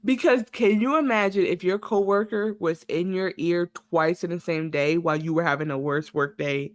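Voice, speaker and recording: A woman's voice: fairly low pitch, moderate pace, slight background noise. Chatty woman recapping a TV show. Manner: chatty, laughs often, gives opinions and acts out lines. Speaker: podcast co-host. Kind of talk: casual TV recap chat.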